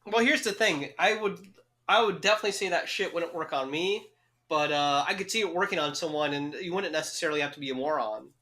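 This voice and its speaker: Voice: medium pitch, fast, sharp tone. A podcast co-host in casual chat who laughs often and acts out little scenes.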